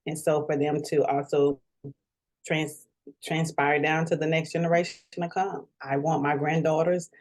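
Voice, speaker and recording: A woman's voice: sits low, darkish tone. A middle-aged woman being interviewed, heartfelt and close to tears with gratitude. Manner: tearful, grateful, heartfelt. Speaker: interview guest. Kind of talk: emotional interview.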